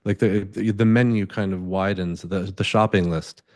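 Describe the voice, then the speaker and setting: This photographer talks at normal speed in a fairly low voice with fairly even intonation. As an interview guest on an event space stage, he rambles through conversational stories, frequently restarting and voicing the quoted lines himself.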